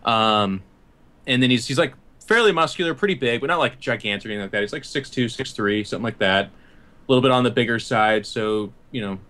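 Casting: male game master, bright voice, loose rambling narration. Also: medium pitch, animated, quick pace. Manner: rambling, full of fillers and laughs.

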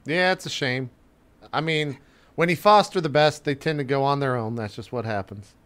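A man's voice: medium pitch, moderate pace, fairly bright tone, clean tone. A man playing a tabletop role-playing game, teasing and laughing as he speaks. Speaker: player.

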